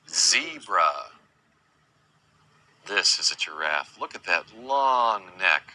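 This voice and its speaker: A man teaching young children about animals in a slow sing-song way, imitating animal sounds and asking them questions. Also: on the low side, sing-song, sharp tone, rough recording. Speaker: children's educator.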